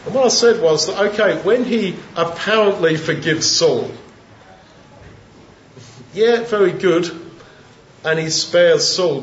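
A man preaching a sermon, retelling scripture as a conversational story in everyday modern speech. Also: fairly high pitch. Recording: roomy, dull-toned recording with faint background hiss.

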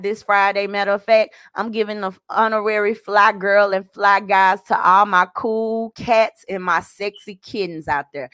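A woman's voice: mid-range voice, fairly bright tone, no room sound, studio quality. A woman hosting her own radio podcast, rambling and cursing in casual chat. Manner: rambling, profane, chatty. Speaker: radio show host.

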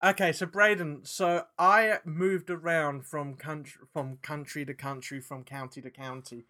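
A man's voice: on the high side, fairly even intonation, unhurried, pushed and bright. A man with a British accent, co-hosting a podcast in casual, swearing banter. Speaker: podcast co-host. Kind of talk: casual chat.

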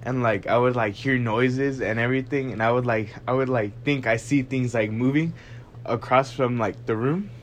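A young man co-hosting a casual podcast, rambling through a story with "like" in almost every phrase. His voice sits in an ordinary middle pitch. Faint noise hums behind him. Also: moderate pace. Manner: rambling, heavy use of "like". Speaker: podcast co-host. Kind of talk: casual chat.

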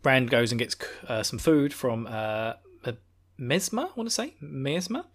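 A man hosting a casual book recap, telling the story in an animated, playful way with frequent laughs. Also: mid-range voice, normal speed. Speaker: book discussion host.

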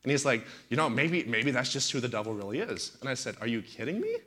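A man's voice: medium pitch, animated, fast talker, a bit bright. A man in his thirties, a pastor preaching in a talk-show setting, telling stories animatedly and with indignant emphasis.

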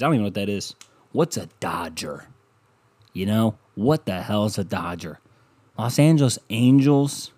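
Ranting, sarcastic man with a lowish voice. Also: no room sound. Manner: ranting, sarcastic, profane, with sudden loud bursts. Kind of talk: rambling comedic monologue.

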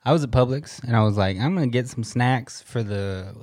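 A man's voice: mid-range voice, fairly quick, background noise. A young man hosting a podcast, rambling through a casual chat with lots of fillers. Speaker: podcast host.

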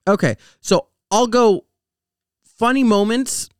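A man's voice: sits high, slow, smooth, no room sound, studio quality. A man co-hosting a podcast in casual chat, laid-back and profane, often laughing as he talks. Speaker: podcast co-host.

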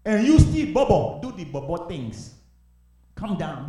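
A young adult male pastor preaching a sermon, swinging between shouted exhortation and quiet confiding. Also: very high-pitched, very animated, normal speed. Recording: echoey hall, voice from far off.

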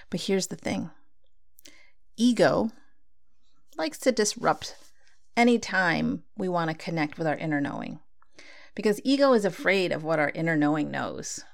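Woman, casual spiritual talk, conversational, gravelly voice. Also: mid-range voice, lively intonation, moderate pace. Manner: conversational, acts out her own inner dialogue.

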